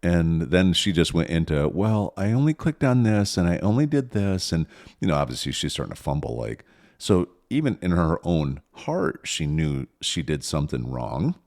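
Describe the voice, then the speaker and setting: A man's voice: low voice, big pitch swings, normal speed, a little mellow. A middle-aged man co-hosting a parenting podcast, thinking aloud with many restarts. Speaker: podcast co-host. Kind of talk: casual parenting chat.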